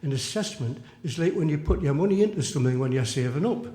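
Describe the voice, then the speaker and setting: A man's voice: fairly high pitch, animated, fast talker, mellow, lightly acted. An older man with a Geordie accent playing a muddled Geordie man who earnestly mixes up long words, on a small theatre stage. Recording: echoey live room.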